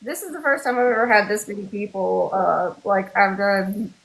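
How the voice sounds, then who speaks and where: A woman with a Southern US accent hosting a casual live-stream cosplay panel, chatty and rambling with quick asides. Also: medium pitch, vocal fry, fairly bright tone, slight background noise, low-quality recording.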